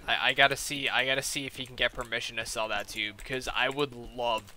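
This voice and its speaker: A young man talks casually as he plays, his voice very bright and ringing. He rambles, piles on "like", and retells whole conversations in quick back-and-forth. A faint noise sits under the recording. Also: mid-range voice, fairly even intonation. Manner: rambling, lots of "like" and retold dialogue. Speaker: gaming streamer. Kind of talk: casual chat while gaming.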